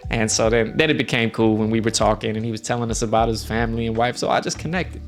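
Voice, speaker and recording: A man's voice: mid-range voice, fairly even intonation, fast. Friendly american guy rambling about his trip, mid voice, faint music behind. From United States. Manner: chatty, friendly, rambling with fillers. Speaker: streamer host. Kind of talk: casual storytelling. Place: indoors, lives in Norway.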